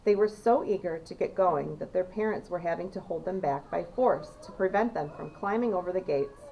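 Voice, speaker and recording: A woman, a teacher, reading a children's novel aloud with steady storytelling. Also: fairly low pitch, normal speed, creaky, a little hiss or hum, poor audio. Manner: steady storytelling, lively when voicing characters.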